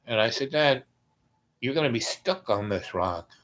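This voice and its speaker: A man casually telling a personal story, rambling and hesitant with many pauses and restarts, going quiet when he quotes others. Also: medium pitch, animated. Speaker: podcast host.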